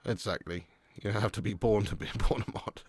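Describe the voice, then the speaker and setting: A man's voice: lowish voice, fairly even intonation, a little fast, a little mellow, breathy edge, no room sound. A man hosting a live watch-along stream, bantering and greeting viewers by name. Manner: banter-filled, reads out chat names. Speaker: livestream host. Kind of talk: casual watch-along chat.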